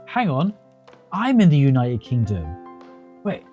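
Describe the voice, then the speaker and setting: A man's voice: medium pitch, very animated, measured pace, warm tone, soft background music. A man streaming a game, casually commenting with sarcastic jokes and swearing.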